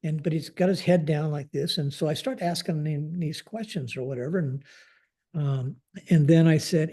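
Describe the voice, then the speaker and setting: Older man, mellow voice, slightly high, animated storytelling, retired general. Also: moderate pace. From United States. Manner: animated retelling with acted-out dialogue, frequent fillers. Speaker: guest, retired Air Force general. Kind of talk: conversational storytelling.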